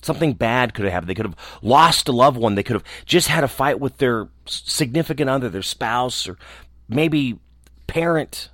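A man who hosts a show, talking alone in a small room in a reflective, earnest way, often restarting and trailing off softly. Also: medium pitch, animated, no room sound, clean studio sound. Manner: earnest, halting, with restarts and soft trailing endings. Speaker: radio host. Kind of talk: reflective casual monologue.

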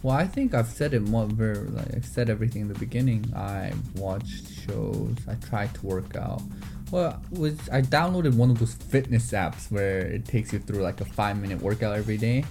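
A young university student co-hosting a casual podcast from home, teasing his friend in a wry, brisk way. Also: on the low side, gravelly, over music. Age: young adult. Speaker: podcast co-host. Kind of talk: casual chat. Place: bedroom hung with blankets.

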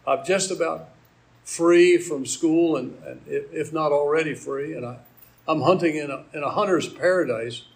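An older man from Maryland delivers a sermon in a storytelling way. His voice sits a little high for a man, and he moves between his own memories and recited scripture. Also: moderate pace, vocal fry, rough recording. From Maryland, USA. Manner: personal storytelling, quoting scripture. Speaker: pastor.

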